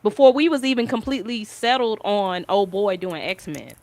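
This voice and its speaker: A woman's voice: medium pitch, moderate pace, a little mellow, dry recording. A young adult woman co-hosting a casual entertainment news chat, opinionated and emphatic. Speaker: podcast co-host.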